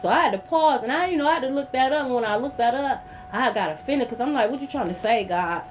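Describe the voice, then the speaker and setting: A woman's voice: high-pitched, quick pace. Blunt, emphatic tarot reader woman. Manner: emphatic, blunt and profane, repeating lines for effect. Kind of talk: casual tarot reading to camera. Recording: dull lo-fi audio with hum.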